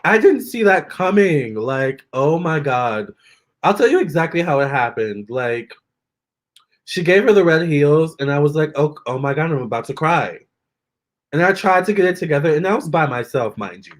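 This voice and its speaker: A young man chatting casually with viewers during a live stream, expressive and talking straight to his audience. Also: fairly high pitch, normal speed. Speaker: live-stream tarot reader.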